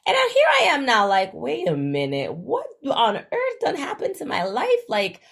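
A young woman from Jamaica, telling her story as an interview guest in a casual, animated way and acting out the dialogue she quotes. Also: normal speed, creaky, husky. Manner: animated, acts out quoted dialogue with big jumps in pitch. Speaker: guest, travel influencer.

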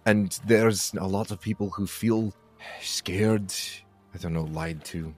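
A man playing a tabletop game in character, talking in a measured, earnest way. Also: low voice, a little mellow, soft background music. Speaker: player. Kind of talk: tabletop role-play, in character.

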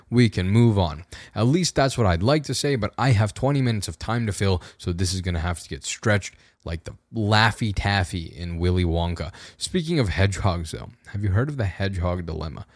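A young man hosting his own podcast, talking casually in a slightly raspy voice, rambling in a wry, self-deprecating way with frequent restarts. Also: fairly low pitch, no echo, clean studio sound. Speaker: podcast host. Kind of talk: casual solo podcast monologue. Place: room at home with a camera on a tripod.

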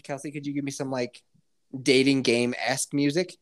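Woman podcast co-host, low and animated, profane casual storyteller on a call. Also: unhurried. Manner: profane, animated, laughs often. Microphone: remote call.

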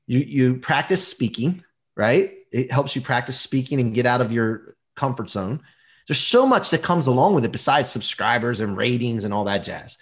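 A man guests on an interview, talking with punchy, motivational energy. He is emphatic and upbeat, with an ordinary mid-range pitch. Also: lively intonation, moderate pace. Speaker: guest, performance coach. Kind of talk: casual interview chat.

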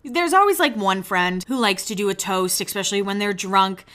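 A woman's voice: mid-range voice, normal speed, fairly bright tone. A woman hosting a podcast, giving a casual, gossipy recap and acting out quoted lines in shifting voices, with the odd casual swear. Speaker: podcast host recapping a reality show. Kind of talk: casual chatty recap commentary.

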